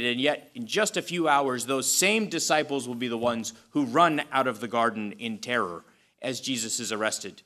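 A man's voice: mid-range voice, normal speed, bright, forceful tone. A man preaching a sermon in a conversational but emphatic way, repeating phrases for stress and adding touches of humor. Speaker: pastor.

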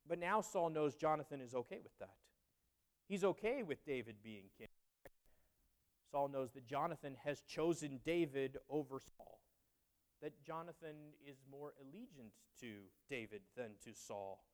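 A man's voice: on the high side, lively intonation, a little slow. A man teaching through a Bible passage in a conversational way, with candid asides and frequent fillers. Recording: long reverb.

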